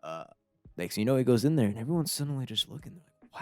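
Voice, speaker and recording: A man's voice: mid-range voice, very animated, rapid-fire, dark tone, dry recording, faint music behind. A man casually narrating a comedic story as a YouTuber, rambling with laughs and crude slang.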